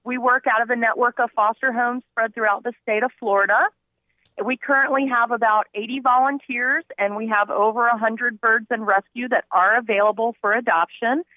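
Woman guest, higher voice, clear and informative, tinny phone sound. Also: steady tone, brisk, no echo. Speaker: rescue group representative, guest. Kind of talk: phone interview. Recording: dry, tinny phone line.

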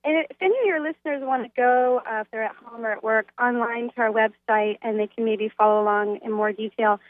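Female phone-in guest, chatty and filler-heavy, fairly high voice on a tinny line. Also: fairly quick, no room sound. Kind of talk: phone interview.

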